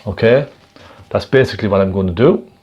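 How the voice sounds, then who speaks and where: A man gently demonstrating a painting technique step by step, chatting and checking in with the viewer as he works. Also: on the low side, a little fast, dull audio. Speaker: painting instructor.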